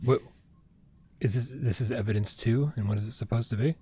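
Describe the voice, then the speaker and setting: A man's voice: medium pitch, a little fast, dark tone, a little hiss or hum. A man streaming a video game, chatting casually and reading on-screen text aloud. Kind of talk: casual gameplay commentary.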